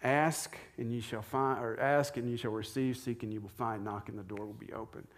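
A man's voice: mid-range voice, steady tone, moderate pace. A man, a pastor, giving a conversational sermon from the pulpit and asking his listeners rhetorical questions. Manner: informal, asks the congregation rhetorical questions. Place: church, speaking from the pulpit.

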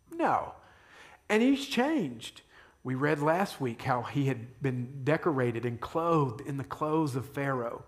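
A man preaching with a fairly high voice, telling the story in a lively way. He jumps into the figures' voices now and then, then drops back to his plain teaching tone. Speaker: pastor. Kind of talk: sermon.

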